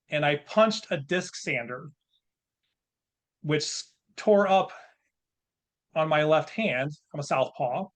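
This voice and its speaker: A man in his fifties speaks as a podcast guest, frank and plain-spoken. His voice sits at an ordinary middle pitch. He tells his story with candid self-reflection. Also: a bit bright.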